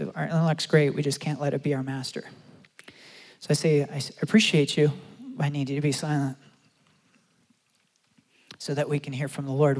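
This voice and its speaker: A man preaching a sermon and telling a story, acting out the quotes with animated delivery. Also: fairly high pitch. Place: large church hall. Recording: long hall reverb.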